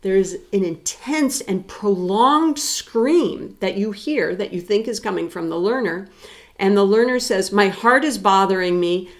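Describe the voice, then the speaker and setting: A woman's voice: medium pitch, animated, a little slow, a little mellow. Woman, psychology professor, recorded lecture, explanatory with rhetorical questions.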